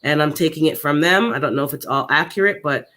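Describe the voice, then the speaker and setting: Speaking a little high, this gardening channel host is upset and unsettled during a casual livestream for his viewers. He thinks out loud in a halting way and keeps repeating himself.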